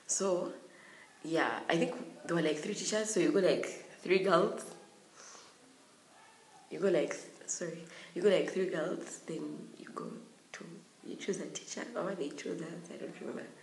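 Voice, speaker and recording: A young woman telling a storytime vlog in a lively way, giggling often. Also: fairly low pitch, normal speed, a little hiss or hum. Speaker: vlogger. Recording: roomy room echo.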